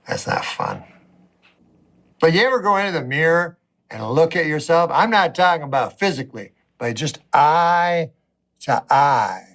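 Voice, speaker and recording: Man, high pitched, stand-up comedy, rambling, halting, meandering. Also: lively intonation, a bit bright. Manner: rambling, meandering delivery with long pauses and self-interruptions.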